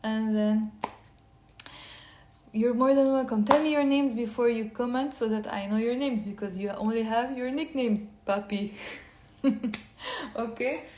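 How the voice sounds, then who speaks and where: A woman from Lebanon, teaching a live online language lesson and patiently repeating phrases slowly, then faster. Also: on the high side, echoey room, noisy background.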